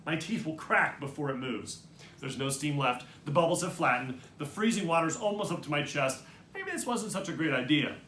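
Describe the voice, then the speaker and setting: Guy reading a kids story out loud, high bright voice, super animated, echoey room. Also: a little hiss or hum. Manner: animated, expressive, comic first-person narration. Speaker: reader.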